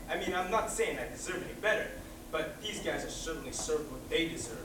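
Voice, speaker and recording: A man's voice: fairly high pitch, lively intonation, fairly quick, very noisy, natural voice. Man playing a cheeky singing prison cook. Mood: boastful. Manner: chatty, sings show tunes. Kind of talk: stage musical acting. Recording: echoey stage recording from far off, with music.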